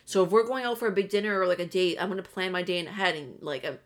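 A woman's voice: lowish voice, very fast. A young woman co-hosting a podcast, speaking frankly and opinionated in casual chat, sometimes swearing. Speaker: podcast co-host.

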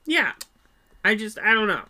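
Co-host voice, bright and sharp, middle pitch, blunt, casual swearing, repeats words when starting, casual film review chat. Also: big pitch swings, normal speed.

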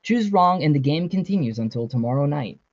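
A man's voice: a little high, expressive, a little fast, a little mellow, no room sound. Brief: male reader as a detached unseen game master giving orders. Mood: commanding. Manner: announcing orders. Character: unseen game master voice over a speaker, commanding and cold. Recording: dry, slightly dull sound.

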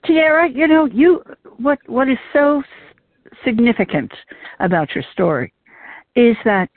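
A woman's voice: on the high side, animated, measured pace, no echo. A woman hosting an interview, affirming the guest with frequent "mm-hmm" replies. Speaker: interview host. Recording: tinny phone-like line.

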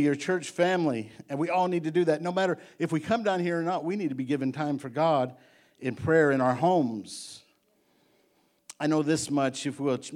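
A man's voice: a little high, darkish tone. Earnest man preaching a church sermon. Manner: earnest, repeats words when building a point. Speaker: pastor.

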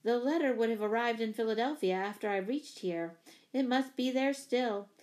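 A woman voicing a brisk, practical mother who fusses and takes charge in a storybook reading. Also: on the high side, a little mellow, natural voice. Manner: brisk and fussing.

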